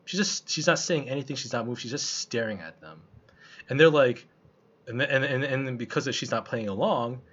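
A man with a husky voice gives a casual film review, loose and colloquial, stumbling through restarts and fillers. The recording is a bit muffled and lo-fi, the highs dulled. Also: lively intonation, brisk, fairly bright tone.

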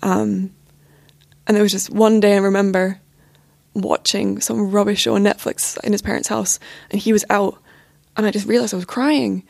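A woman's voice: medium pitch, little pitch movement, moderate pace, gravelly, darkish tone, no echo. A young woman telling a personal story on a podcast, candid and hesitant, with frequent fillers. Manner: candid, hesitant, lots of "like" and "you know". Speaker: podcast guest.

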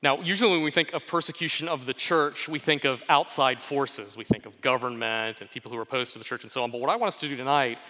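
A man preaching an earnest sermon, reading scripture aloud and explaining it in a steady, pausing delivery. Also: medium pitch. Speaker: pastor. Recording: long hall reverb.

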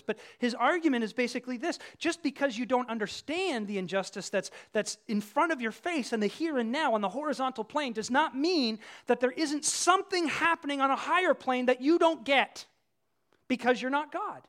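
Man preaching conversationally, hushed to loud. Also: very high voice, expressive, a little fast. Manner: tells vivid everyday illustrations. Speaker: pastor. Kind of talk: sermon.

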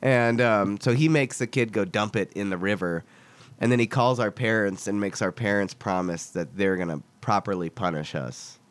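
A young man from Texas telling a story in casual chat, animated and swearing as he acts out the voices of the people in it. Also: on the low side, normal speed, no echo.

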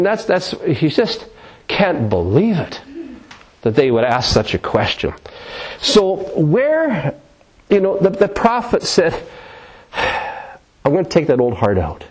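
A man preaching a sermon with passion, acting out scripture in a dramatic, shifting tone. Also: mid-range voice.

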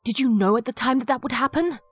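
A woman's voice: a little high, fast talker, slightly rough, no room sound. An actress playing an ancient female planeswalker, proud and hurt, confronting her old mentor in an audio drama. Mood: questioning.

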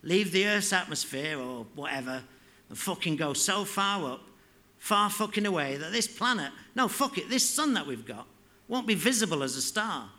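A man's voice: high voice, big pitch swings, normal speed, sharp tone, full character voice. A man reading the part of a cocky, stoned teenage boy who boasts in a swaggering, sweary way.

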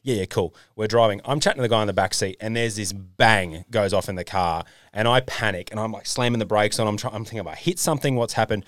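An Australian man co-hosting a casual podcast, telling stories and doing quick impressions of people he quotes. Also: on the low side, no room sound, clean studio sound. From North Queensland, Australia. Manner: storytelling, animated impressions of others. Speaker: podcast co-host. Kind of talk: casual chat.

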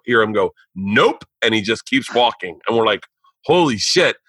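A man hosting a podcast, telling a long story in an animated, profane way with plenty of restarts. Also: medium pitch, no room sound, low-quality recording. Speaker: podcast host. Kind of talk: casual storytelling chat. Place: indoor home studio.

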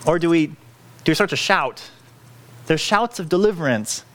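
A man's voice: on the high side, lively intonation, moderate pace, fairly bright tone. A man preaching a sermon, earnest and pleading, often restarting his phrases as he works through a scripture passage. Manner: earnest, pleading, self-correcting with frequent restarts. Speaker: pastor.

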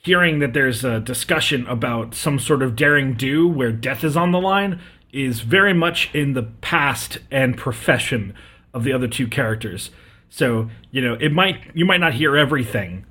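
A man's voice: mid-range voice, pushed and bright, slightly rough. A man running a tabletop game as game master, explaining rules in a casual way.

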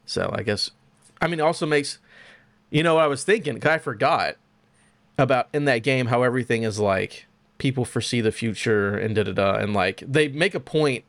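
A young man hosting a podcast, chatting casually about video games in an animated, profane, joking way. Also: medium pitch, fairly quick, gravelly, dry recording. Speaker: podcast host.

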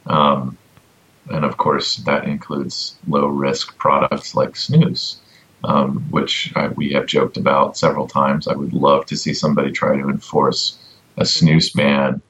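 A man on a casual podcast giving an advocacy update, halting with many ums and restarts and a dry sense of humor. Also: a bass voice, flat delivery, a bit bright, low-quality recording.

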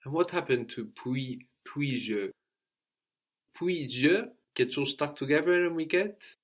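A man teaching French to a student, explaining slowly and repeating phrases for her to copy. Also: fairly high pitch, expressive, lo-fi sound. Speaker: language teacher.

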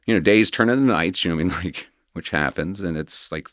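Speaking in a low, slightly bright voice, a middle-aged man recounts his own recovery with earnest, emotional candor, rambling, restarting, and laughing briefly as he goes. The audio is clean, studio-recorded, and free of room sound.

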